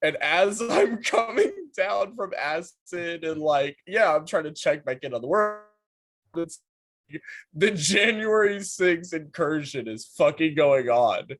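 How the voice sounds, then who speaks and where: A man's voice: a little high, animated, takes it slowly, fairly bright tone. A man co-hosting a podcast, telling a story in casual banter with frequent laughs. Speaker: podcast co-host.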